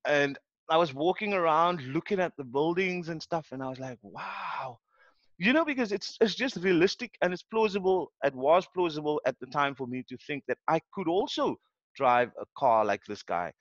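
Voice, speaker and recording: A man's voice: fairly high pitch, a little fast, dry recording, highs cut off. A man from Cape Town with a South African accent, a podcast guest telling a story in a casual way and acting out what people said. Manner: animated, acts out what people said.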